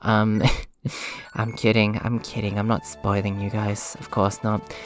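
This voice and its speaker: A man's voice: lowish voice, completely flat delivery, measured pace, soft background music. A man giving casual gameplay commentary, rambling and self-deprecating, his voice a little worn. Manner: rambling, self-deprecating, laughs at own jokes. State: voice slightly worn. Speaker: let's play gamer.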